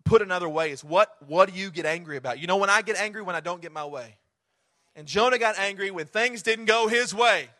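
A man's voice: sits high, brisk, sharp tone. A man preaching a sermon, conversational and humorous with earnest, impassioned stretches. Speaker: pastor.

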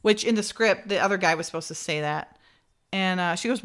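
A woman's voice: medium pitch, lively intonation, fairly quick, bright, forceful tone. A woman hosting a podcast, casually retelling scenes and acting out the characters' lines with laughs. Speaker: podcast host recapping an episode.

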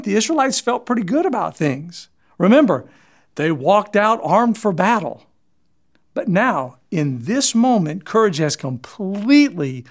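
Earnest preacher man, higher voice. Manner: earnest preaching with dramatic rises and drops in pitch and volume. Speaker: pastor. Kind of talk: sermon.

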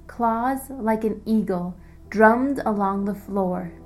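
Slow, measured woman narrating a story. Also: mid-range voice, a little hiss or hum, poor audio. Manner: measured, descriptive. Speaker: audiobook narrator.

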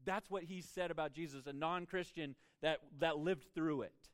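Male pastor, higher pitch, dry close sound; emphatic sermon with repeated starts. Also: normal speed, no echo. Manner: emphatic, repeats words when starting a thought.

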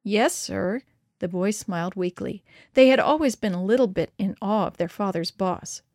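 A woman narrating a children's story in a steady, even reading voice. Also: mid-range voice, normal speed, no echo, clean studio sound.

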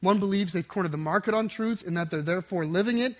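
A man with a notably high voice delivers a sermon. He preaches with intense emphasis, rising into forceful bursts and then dropping to quiet, low endings. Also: fast talker. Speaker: pastor.

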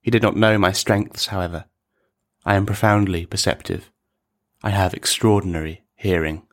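Measured and deadpan, a male narrator with a low voice reads out a scripted story with dark comedy.

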